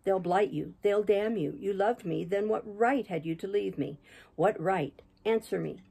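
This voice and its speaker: A woman's voice: mid-range voice, a little slow, vocal fry, mellow, husky. A woman reading an anguished, passionate young man, voicing a fierce lover with intense, reproachful words.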